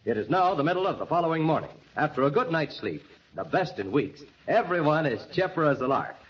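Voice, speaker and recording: A man announcing and narrating a 1930s radio serial, with a lively, persuasive delivery. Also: fairly high pitch, a little fast. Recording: lo-fi old radio recording.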